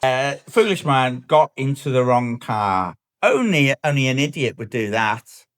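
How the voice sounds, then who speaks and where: A playful middle-aged man co-hosting a podcast, bantering and joking about words. His pitch swings widely as he talks, at an ordinary middle height for a man. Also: lively intonation, measured pace, a bit bright. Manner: playful, jokey, wordplay-loving. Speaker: podcast co-host. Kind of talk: casual banter.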